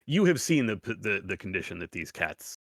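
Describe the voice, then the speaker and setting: A man's voice: on the low side, big pitch swings, fairly quick, no room sound, clean studio sound. A man acting as game master in a casual online tabletop game, narrating in a rambling way with frequent restarts.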